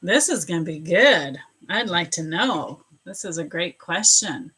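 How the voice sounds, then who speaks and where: A woman's voice: on the low side, lively intonation, measured pace, sharp tone, breathy edge. A woman doing a live psychic reading, chatting casually with viewers, greeting them by name and restarting her sentences often. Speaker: psychic reader on a livestream.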